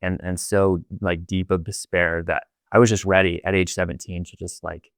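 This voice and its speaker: A man's voice: low-pitched, level tone, moderate pace, no echo, clean studio sound. A young man talking as a podcast guest, telling his story in a candid, rambling way full of "like". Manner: candid, rambling, heavy use of filler "like". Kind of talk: casual interview storytelling.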